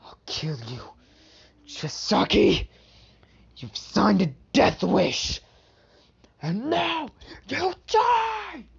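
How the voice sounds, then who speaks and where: A man's voice: high voice, sing-song, extremely slow, creaky, long pauses, breathy edge, voice pushed up, full character voice. A narrator voicing an enraged young hero boy who screams death threats in a fan-made story. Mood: furious shouting. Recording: dull lo-fi recording.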